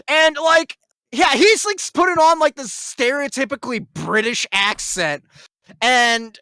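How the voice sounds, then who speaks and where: A man co-hosting a casual podcast review, excitable, swearing a lot and laughing often. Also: very high voice, takes it slowly, no room sound. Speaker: podcast co-host.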